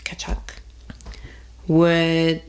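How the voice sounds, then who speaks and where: A woman's voice: sits low, completely flat delivery, drawn-out words. A woman chatting casually about her sports bets in a hesitant, giggly way. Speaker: guest picking bets. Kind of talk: casual sports betting chat.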